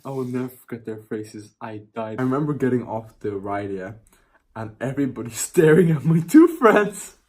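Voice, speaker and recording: A young man recounting a story to his viewers in a casual, animated way, his voice neither high nor low. He laughs between lines and keeps checking in with quick tags like "yeah?" and "right?". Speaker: vlogger.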